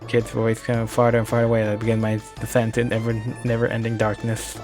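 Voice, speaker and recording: A man's voice: mid-range voice, monotone, quick pace, over music. A man streaming, reading a text game's narration aloud with casual asides and the odd stumble.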